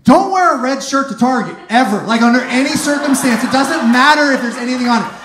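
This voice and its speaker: Man doing stand-up, shouted punchlines. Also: extremely high pitch, fast talker. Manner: animated storytelling, sudden shouted punchlines. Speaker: stand-up comedian. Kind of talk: stand-up set. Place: comedy club stage with audience. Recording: echoey room, noisy club.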